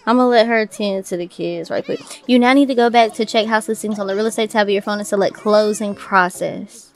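A woman giving casual, excitable let's-play commentary and talking to her viewers. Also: medium pitch, brisk. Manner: excitable, chatty, addresses viewers as y'all. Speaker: gaming video host.

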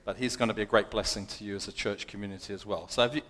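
A man's voice: lowish voice, steady tone, racing, fairly bright tone. London man preaching in a reverberant hall. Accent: London English. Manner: chatty, self-deprecating. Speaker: guest preacher. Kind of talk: sermon.

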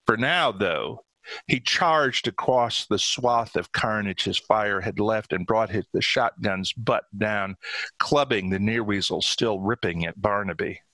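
A man reads his own short story aloud in steady, dramatic narration. His voice is low and forceful. The sound is close and dry. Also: a little slow, no room sound, rough recording. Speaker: author.

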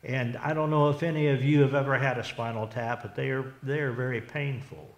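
A man preaching a sermon as pastor, earnest and unhurried, often restarting and repeating words as he goes. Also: medium pitch, steady tone, muffled recording. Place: church sanctuary. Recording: echoey church hall.

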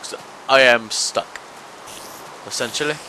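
A young man giving let's-play commentary, talking to the monsters and yelping and shouting whenever they hit him. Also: mid-range voice, measured pace, slight background noise, poor audio. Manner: talks to monsters, yelps and shouts when hit. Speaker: gaming channel host.

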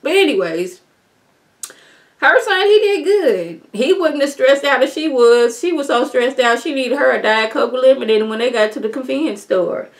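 A woman's voice: a little high, fairly quick, few pauses. A woman YouTuber giving a casual, sassy review of a reality TV episode, talking straight to her viewers and sounding exasperated.

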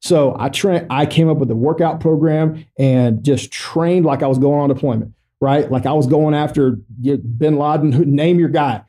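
A middle-aged military veteran, male with a slightly high, warm voice, shares a personal story in a podcast studio interview. His speech is loose and halting with plenty of fillers, and he jokes matter-of-factly about serious things.

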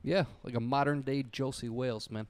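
A man's voice: medium pitch, fairly even intonation, a little fast, darkish tone, clear, resonant tone, no room sound, close to an everyday voice. Man doing a hyped football coach impression. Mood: boastful. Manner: drawling, ends lines with "man".

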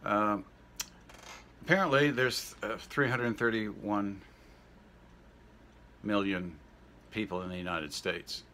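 A man's voice: on the low side, slow, pauses often, pushed and bright, a little hiss or hum. A man with a Saskatchewan Canadian accent, talking to camera in a rambling, folksy way full of fillers and restarts and ending lines with "eh". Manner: folksy, tacks "eh" onto sentences. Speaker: vlogger playing a comic persona. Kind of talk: casual to-camera monologue.

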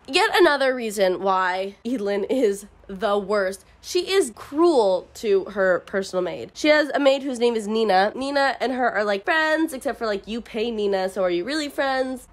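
A woman in her twenties ranting about a book in a casual, sarcastic, profane and animated way. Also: mid-range voice, normal speed, hardly any pauses. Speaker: book reviewer. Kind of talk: casual book review rant.

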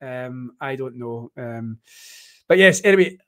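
A man's voice: mid-range voice, expressive, unhurried. A man with a Scottish accent hosting a casual live tennis watchalong, chatty and joking, rambling with plenty of fillers. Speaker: host.

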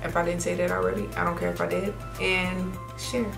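A woman's voice: fairly low pitch, little pitch movement, brisk, creaky, music in the background. A woman talking casually to her viewers in a haul vlog, chatty and saying y'all often. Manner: chatty, says y'all a lot. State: out of breath. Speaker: vlogger.

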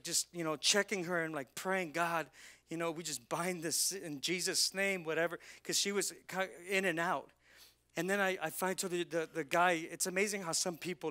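A man pastor preaching a sermon, telling a personal story and rising to loud, fervent preaching. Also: fairly high pitch. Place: church.

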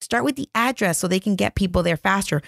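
A woman's voice: mid-range voice, fast talker, gravelly, no echo, studio quality. A woman in her thirties hosting a podcast, telling a story in a casual, chatty, laughing way into a microphone at home. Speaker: podcast host. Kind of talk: casual chat. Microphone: studio microphone.

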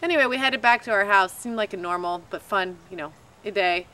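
A woman with a middle-pitched voice recounts her story in a lively, animated way, with faint hiss behind her. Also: brisk. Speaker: bride telling proposal story. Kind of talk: casual storytelling.

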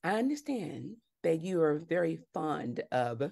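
Woman acting as a hesitant school official, put-on Southern accent, creaky voice, halting speech. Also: deep voice, very animated, warm tone, exaggerated voice. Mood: prim. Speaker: improv performer. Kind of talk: live improv comedy scene.

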